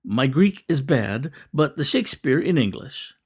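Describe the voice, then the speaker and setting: A man's voice: medium pitch, big pitch swings, unhurried, husky. A man voicing an earnest young male immigrant photographer who speaks carefully and deferentially.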